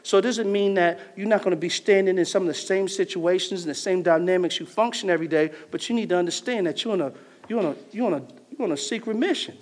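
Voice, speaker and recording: A man preaching a sermon in a casual, slangy way, swinging between loud bursts and hushed lines. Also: high voice, fast. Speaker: pastor. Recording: long hall reverb.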